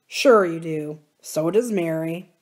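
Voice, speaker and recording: Woman reading a gentle, sad uncle. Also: deep voice, slow. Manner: gentle, quiet. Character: gentle, sad grown man, kind uncle.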